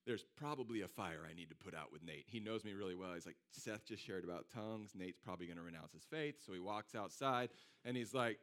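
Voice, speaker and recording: A man's voice: fairly low pitch, brisk. A man preaching a sermon in a casual, conversational way, telling a personal story and acting out what his friends said. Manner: animated, conversational, acts out quoted friends. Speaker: pastor.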